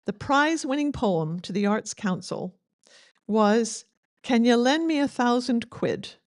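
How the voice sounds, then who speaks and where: An actress playing a grieving daughter who reads her late father's odd poems at a funeral in a deadpan, earnest manner. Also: a little high, measured pace, dry recording, studio quality. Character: eccentric woman reading her late father's begging poems. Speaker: bereaved daughter giving a eulogy. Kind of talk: scripted comedic funeral reading.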